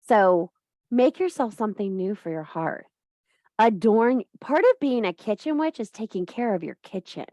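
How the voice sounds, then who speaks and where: A woman's voice: on the low side, no echo. Woman, witchcraft teacher, casual lecture, blunt and swearing, frequent laughs, dry close sound. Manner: blunt, profane, fired-up pep talk; laughs often mid-sentence.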